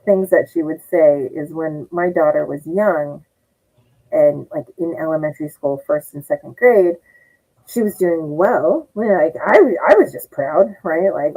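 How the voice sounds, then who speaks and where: Her voice sits low, unhurried and a little mellow, though the audio is poor. She's a middle-aged comedian guest of Japanese heritage spinning rambling comic tales, laughing frequently and mimicking other people's words.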